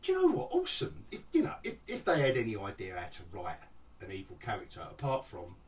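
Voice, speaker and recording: Sarcastic man with a lively voice. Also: lowish voice, fast talker, distant mic. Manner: mocking, rambling, restarts often, laughs at the show. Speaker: TV review vlogger. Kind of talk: sarcastic casual review rant.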